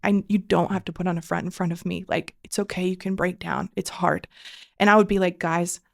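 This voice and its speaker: A woman in her thirties, a podcast guest, telling an emotional personal faith story in an earnest way with lots of fillers, often going hushed when she quotes her prayers. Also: lowish voice, little pitch movement, fairly quick, gravelly.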